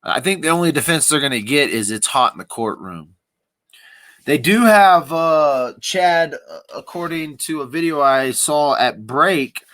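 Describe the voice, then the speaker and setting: A man's voice: a little high, bright, forceful tone, no echo. A man giving casual, rambling live commentary as the host of a livestream, with a wry, thinking-aloud manner.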